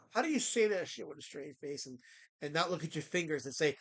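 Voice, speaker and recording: A man hosting a livestream, ranting at his chat in a theatrical, mock-indignant way and swinging between loud outbursts and low mutters. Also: big pitch swings, a little fast. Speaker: livestream host.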